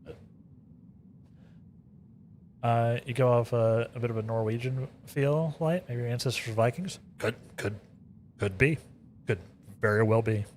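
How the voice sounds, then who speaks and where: A man's voice: mid-range voice, measured pace, pauses often, a little mellow, slight background noise. A man streaming a game, chatting casually with his viewers, rambling and repeating himself as he talks. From United States. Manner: rambling, repeats words, chatty asides to chat. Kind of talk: casual chat with live chat while gaming.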